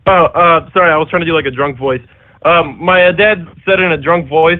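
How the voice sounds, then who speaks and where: Male radio caller, hesitant storyteller, slightly high voice, phone-quality sound. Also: brisk. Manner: hesitant, lots of uhs. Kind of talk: telling a story on a call-in show. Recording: tinny phone line.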